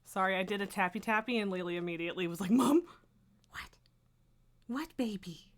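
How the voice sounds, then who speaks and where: A woman's voice: mid-range voice, steady tone, racing, fairly bright tone, smooth. A woman live-streaming, reading a nonfiction book aloud with casual, laughing asides and sudden sweary outbursts.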